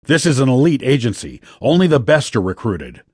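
A man voicing an older male agency boss who growls and shouts as he berates a young recruit. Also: mid-range voice, sing-song, a little fast, slightly rough, dry recording, studio quality, pitched above the performer's own voice. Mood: scolding.

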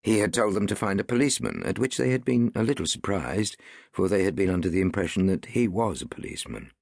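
A man narrating an audiobook in an expressive, wide-ranging storytelling manner. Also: low voice, quick pace, gravelly, no room sound, studio quality. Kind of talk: scripted narration.

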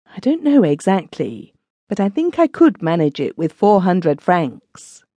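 A woman narrator voicing a proud, discontented young wife who pleads and frets, her pitch rising on outbursts. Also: sing-song, a little slow, mellow, no echo, lo-fi sound.

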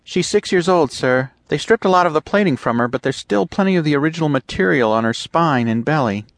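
A man voicing a young female fox-like lieutenant who gives quick, clipped military reports in an audiobook. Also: sits low, expressive, no room sound, pitched above the performer's own voice. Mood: brisk.

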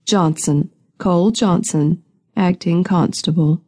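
A woman voicing a stern, blunt male acting constable who talks low and measured. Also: warm tone, husky. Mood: grave.

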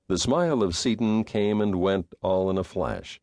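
A man narrating a western audiobook in a measured, expressive storytelling manner, close to a studio mic. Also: low-pitched, no echo. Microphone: studio microphone.

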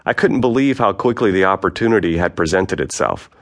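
A man with a very low voice reads his own memoir aloud for an audiobook. His storytelling is frank and matter-of-fact, with an even, unhurried delivery. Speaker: author narrating his memoir.

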